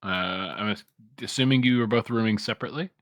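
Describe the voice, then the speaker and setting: A man's voice: medium pitch, fairly even intonation, fast talker, dry recording, clean studio sound. A man running an online tabletop game as game master, explaining rules patiently with lots of filler words.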